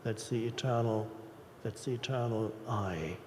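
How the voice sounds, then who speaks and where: A man speaking in a slow, measured, contemplative way as a guest in a spiritual talk. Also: lowish voice, a little mellow, slight background noise. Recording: echoey hall.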